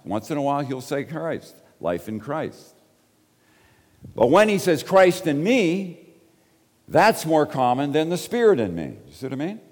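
A Canadian man delivers a teaching sermon in a lively, animated voice whose pitch swings widely. He is emphatic and chatty, throwing asides to his listeners. A long reverb trails his words around a church hall. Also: moderate pace. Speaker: preacher.

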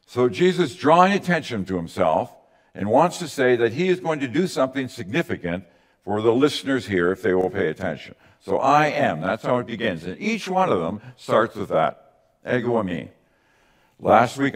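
A man's voice: mid-range voice, sing-song, normal speed. A man preaching a conversational teaching sermon to his congregation, often checking in with the listeners with little tag questions. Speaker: pastor.

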